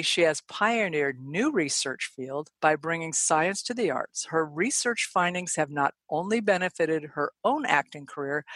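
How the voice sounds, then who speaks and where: A woman hosting a podcast, reading a guest introduction and then asking questions, eager and quick. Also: on the low side, fairly bright tone, no echo. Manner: enthusiastic, quick, admiring. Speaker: podcast host.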